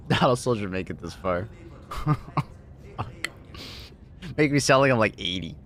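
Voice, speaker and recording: A man chatting casually on a livestream, laughing often and thanking viewers excitedly. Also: on the low side, slow. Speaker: streamer.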